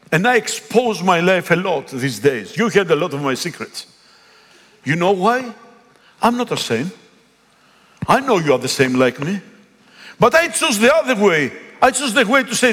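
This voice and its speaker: Greek-born guy preaching, high voice that swings all over, kinda husky, big church echo. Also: unhurried. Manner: animated preaching, pleading and swelling to calls. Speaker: pastor. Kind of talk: sermon. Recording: long echo of a big hall.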